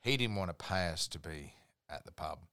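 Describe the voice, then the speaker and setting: An Australian man with a fairly low voice tells rambling work stories as a podcast guest. His talk is relaxed and full of swearing. The sound is dry and close, with no room to it. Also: moderate pace, smooth, no echo. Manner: laid-back, sweary, rambling anecdotes. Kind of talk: casual storytelling chat.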